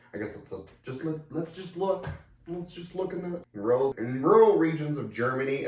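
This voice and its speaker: A man's voice: medium pitch, darkish tone, distant mic. A man casually reading facts aloud and breaking off for offhand, crude asides. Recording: echoey room, away from the mic.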